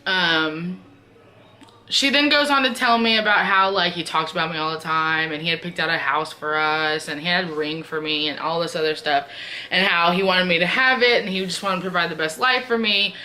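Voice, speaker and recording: A woman's voice: on the low side, moderate pace, pushed and bright. A woman vlogger telling a personal story in a chatty, casual way, full of filler words.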